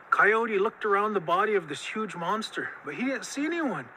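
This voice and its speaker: A man tells a traditional tale in a lively, expressive voice that slows down for key moments. His voice is raised and very bright, with a sharp edge. Faint noise runs underneath. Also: high-pitched, rough recording. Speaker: storyteller. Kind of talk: oral storytelling of a traditional tale.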